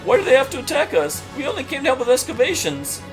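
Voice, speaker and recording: A frantic young crewman yelps in a high, strained voice, put on by a man reading game dialogue. His voice swings up and down in alarm, with faint game music underneath. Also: very animated, fast, heavily acted. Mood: panicked. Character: panicky male ship's crewman.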